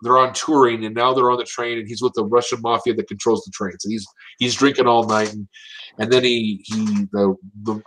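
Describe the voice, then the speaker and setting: An American man talks politics with pressing urgency at a medium pitch. He hammers his points home and keeps circling back with repeated phrases and restarts, sounding like a commentator who is fired up. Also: fairly even intonation, brisk, fairly bright tone, rough recording. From United States.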